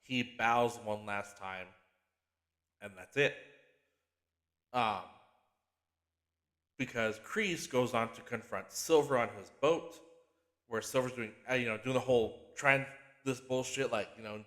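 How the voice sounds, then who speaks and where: A man hosting a podcast, recapping a TV series in an excitable, profane, animated way and often restarting his sentences. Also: mid-range voice, a little slow, long pauses. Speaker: podcast host.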